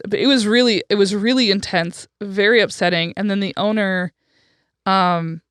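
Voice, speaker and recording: A woman's voice: medium pitch, fairly even intonation, moderate pace, fairly bright tone, clean tone, no room sound, clean studio sound. A woman co-hosting a podcast, telling stories in a frank, chatty way with plenty of fillers and the odd swear. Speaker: podcast co-host. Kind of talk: casual conversational storytelling.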